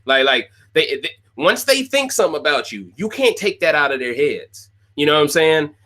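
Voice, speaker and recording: A man's voice: a little high, fairly bright tone. A man hosting a casual rant-style recap show, talking straight to his viewers, opinionated and prone to repeating himself. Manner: opinionated, repeats phrases, talks to viewers directly. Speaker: podcast host recapping a reality show.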